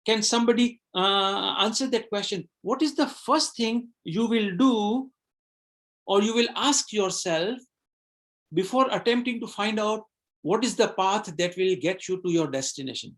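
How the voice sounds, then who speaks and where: Man leading a reflective webinar talk. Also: sits high. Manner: reflective, asks the audience questions, repeats words. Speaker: webinar host and coach. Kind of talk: live online webinar talk.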